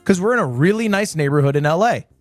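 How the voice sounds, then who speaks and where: A man in his twenties telling a rambling story on his stream, swinging between low mutters and high exclamations. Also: lively intonation, fast, no echo, soft background music. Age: 20s. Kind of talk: casual storytelling.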